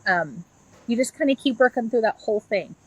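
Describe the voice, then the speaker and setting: A woman's voice: on the high side, animated, fairly quick, husky, no echo, poor audio. A middle-aged woman, a yoga therapist and author, earnestly explaining a practice step by step in a conversational interview.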